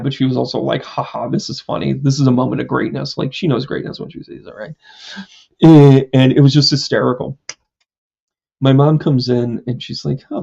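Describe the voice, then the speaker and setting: Gravelly, rambling man chatting on a stream. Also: medium pitch, dark tone, lo-fi sound. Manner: rambling, self-mocking storyteller with many fillers. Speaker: psychic medium and astrologer. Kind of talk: casual live-stream chat.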